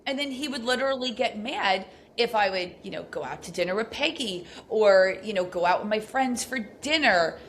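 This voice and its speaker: A middle-aged woman, a podcast guest telling stories in a casual, animated way, full of fillers. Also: medium pitch, moderate pace, few pauses, slight background noise. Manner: animated, acts out quoted speech, frequent fillers. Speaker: podcast guest, abuse recovery coach. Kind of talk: casual storytelling interview.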